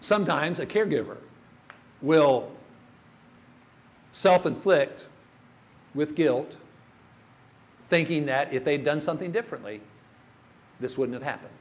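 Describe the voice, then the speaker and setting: A man's voice: a little high, expressive, measured pace, long pauses. An older man giving a church workshop talk on grief, folksy and storytelling, asking the audience questions.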